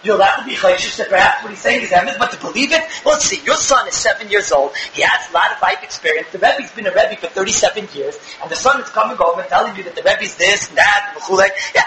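A man with a high voice rattles through a religious lecture at a brisk clip. He hammers points with rhetorical questions. The sound is echoey, with steady background noise. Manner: emphatic, rhetorical questions, acts out dialogues. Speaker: religious teacher. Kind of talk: Torah lecture.

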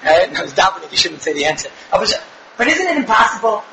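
A man giving a Torah talk, telling a story in an animated, digressive way and acting out the quotes. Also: high-pitched, fast talker, creaky, echoey room, noisy background. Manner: animated, digressive, often restarts and acts out quotes. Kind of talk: Yiddish-flavored Torah lecture, storytelling. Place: synagogue or study hall.

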